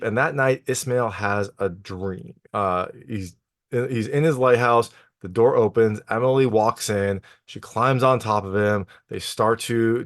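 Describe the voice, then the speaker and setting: A man's voice: mid-range voice, no room sound, clean studio sound. Casual man recapping a film plot. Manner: retells the plot loosely with many fillers and acted-out quotes. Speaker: film reviewer.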